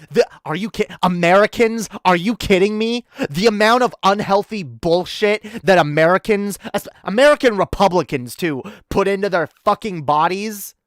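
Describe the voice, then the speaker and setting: A woman's voice: fairly low pitch, no echo, clean studio sound. A woman from Canada streaming a heated, profane rant, often stumbling and repeating words. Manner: angry, profane, with frequent restarts and repeated words. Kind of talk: ranting commentary on a live stream.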